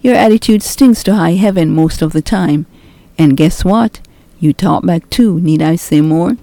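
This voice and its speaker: Woman doing easygoing dad, calm and mild, warm mellow voice, dry sound. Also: on the low side, unhurried, gravelly, no echo. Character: calm, patient middle-aged father. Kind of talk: storybook reading.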